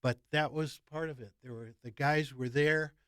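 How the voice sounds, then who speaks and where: An older man tells stories from his service as a podcast guest. His voice sits at a middle pitch, and he is wry, with small chuckles along the way. The sound is dry. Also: fairly even intonation, moderate pace, fairly bright tone, no room sound. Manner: wry anecdotal storyteller, light chuckles. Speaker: guest, veteran. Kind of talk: interview storytelling.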